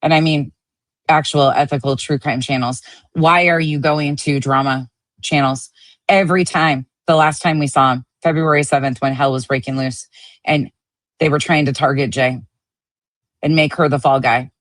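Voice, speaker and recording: Female streamer, low voice, angry and foul-mouthed, dry sound. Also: steady tone, normal speed, no room sound. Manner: angry, profane ranting. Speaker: online drama commentator. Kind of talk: heated livestream commentary.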